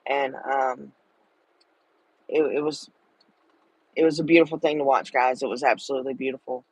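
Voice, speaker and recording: A woman's voice: rumbling low, steady tone, normal speed, darkish tone, husky, no room sound, rough recording. A middle-aged woman, talking to viewers in a casual livestream chat, tender and emotional. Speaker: livestream host.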